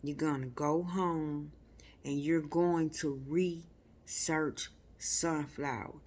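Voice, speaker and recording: Slow, preacherly woman teaching spirit. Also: sits low, fairly even intonation, a little mellow. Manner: slow, repetitive, preacherly address to listeners. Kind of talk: unscripted spiritual teaching talk.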